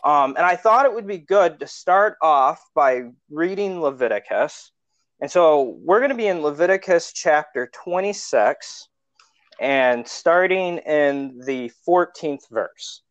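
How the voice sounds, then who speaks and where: A man, a pastor hosting a podcast, talking in a measured, easygoing way with frequent ums, and reading scripture aloud. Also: a little high, expressive, a bit bright, no room sound. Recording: dry, slightly dull lo-fi podcast recording.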